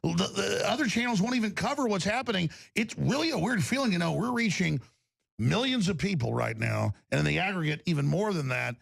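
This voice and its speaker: A man's voice: high-pitched, animated, a little fast, creaky, fairly bright tone. A man hosting a talk show panel, talking emphatically, jumping in and urging his guests on.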